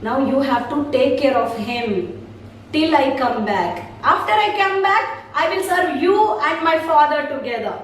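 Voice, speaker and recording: A woman voicing a calm, righteous young male prince who speaks gently and persuasively. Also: sits high, measured pace, a little hiss or hum. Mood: gentle. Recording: very echoey room, far from mic.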